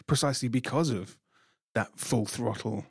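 A man's voice: mid-range voice, moderate pace, slightly rough, dry recording. A man with a mid-range voice talks about film with witty asides and careful analysis. He leans on "you know" as he builds his points. He is recorded close and dry, with no room sound. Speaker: film programmer guest. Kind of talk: casual discussion.

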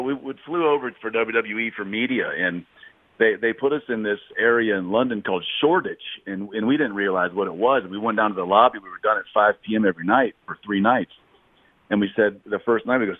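A man's voice: on the low side, no room sound. A man co-hosting a podcast, telling a story in a rambling, repetitive way. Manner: rambling, repeats himself. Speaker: podcast co-host. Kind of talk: casual storytelling. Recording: dry, phone-like sound.

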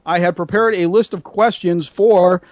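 High-voiced, rambling radio host man. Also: moderate pace, no room sound, clean studio sound. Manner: animated, rambling, self-mocking, many restarts. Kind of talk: casual radio chat.

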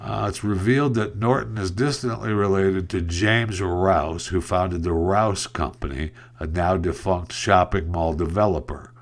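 Deep-voiced sarcastic podcast host. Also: male voice, fairly even intonation, a little slow, few pauses. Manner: sarcastic, rambling, stumbles over words. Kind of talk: casual solo podcast commentary.

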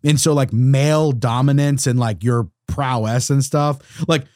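A man's voice: mid-range voice, a little slow, darkish tone, dry recording, clean studio sound. A man co-hosting a podcast, chatting casually and animatedly, slipping into joking put-on voices. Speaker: podcast co-host. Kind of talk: casual political chat.

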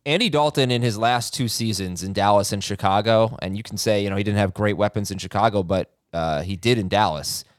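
A man's voice: fairly low pitch, dry recording. Dry-voiced male fantasy football host. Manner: quick stat-heavy delivery, dry sarcasm. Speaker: podcast host. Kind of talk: fantasy football news chat.

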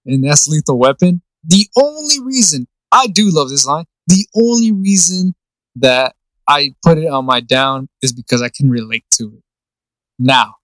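A man's voice: mid-range voice, expressive, normal speed, fairly bright tone, dry recording, poor audio. A young man co-hosting a podcast in casual chat, swearing freely and laughing through the movie lines he quotes. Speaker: podcast co-host.

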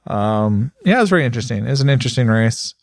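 A man, a motorsport journalist, chatting casually on a podcast and telling rambling, animated stories full of fillers. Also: medium pitch, fast, creaky, dry recording, clean studio sound.

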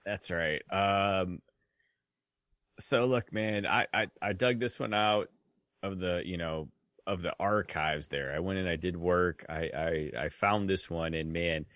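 A man's voice: deep voice, measured pace, fairly bright tone, dry recording, studio quality. A man co-hosting a casual sports podcast, telling stories in a laid-back drawl. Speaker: podcast co-host.

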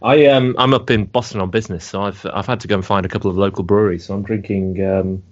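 A man's voice: on the low side, steady tone, quick pace, highs cut off. A man co-hosting a casual podcast, wry and teasing. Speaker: podcast co-host.

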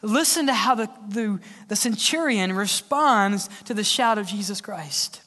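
A man's voice: sits high, animated, a little slow. Preaching man in a reverberant hall. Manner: dramatic swings from loud cries to hushed whispers. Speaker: pastor. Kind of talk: sermon. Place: large church hall. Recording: long church-hall reverb.

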